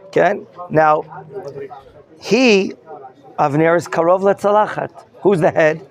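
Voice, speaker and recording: A man's voice: fairly high pitch, a little slow, gravelly. A rabbi teaching a Bible class, questioning his students and explaining the terms as he goes. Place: study hall classroom.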